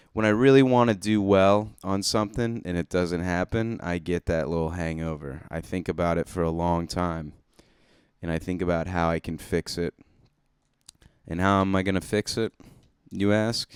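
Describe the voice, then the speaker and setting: A man's voice: sits low, clear, resonant tone, no echo, clean studio sound. A man hosting his own comedy podcast alone, rambling in a casual, self-deprecating and profane way. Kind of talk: casual solo podcast monologue. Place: alone, recording to himself.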